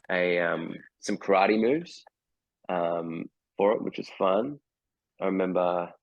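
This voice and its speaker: Australian man in his 40s as interview guest, low voice, halting and full of ums, dry video-call audio. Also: no room sound, muffled recording. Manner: hesitant, many fillers and restarts. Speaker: guest actor.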